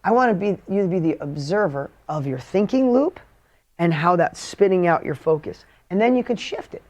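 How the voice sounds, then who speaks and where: A man giving a motivational talk to an audience. He speaks bluntly and with energy, swinging between loud, emphatic lines and hushed ones. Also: high voice, animated, moderate pace.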